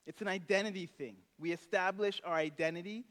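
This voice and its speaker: A man's voice: high voice, a little fast, a bit bright, big-room sound. A male pastor preaching a sermon in a church, casual and conversational, now and then acting out characters from the story. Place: church sanctuary.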